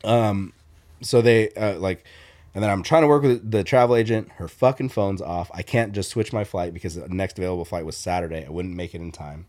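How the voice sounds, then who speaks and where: A man's voice: sits low, brisk. A man telling a story in casual podcast chat, loose and profane, full of "like" fillers and restarts. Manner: rambling, animated retelling with restarts. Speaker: podcast co-host.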